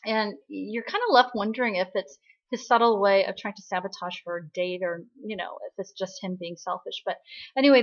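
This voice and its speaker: Woman, casual drama-recap host, bubbly storyteller, mid-pitched, slightly muffled lo-fi audio. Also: steady tone, moderate pace. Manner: chatty, bubbly storytelling with frequent "right?" and "um".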